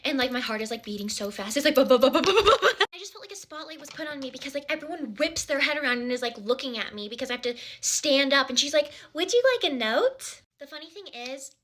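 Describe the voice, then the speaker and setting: Bright, high-pitched giggly young woman. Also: fast, few pauses. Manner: bubbly, giggly, breathless retelling. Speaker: student. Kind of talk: get-ready-with-me storytime.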